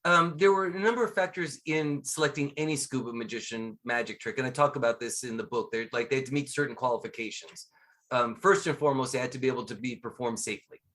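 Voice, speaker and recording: A man guesting on a podcast, chatting casually and telling stories with a lively manner and frequent laughs. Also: mid-range voice, quick pace. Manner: lively storyteller, laughs often. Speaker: guest, scuba instructor and magician. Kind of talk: casual interview chat.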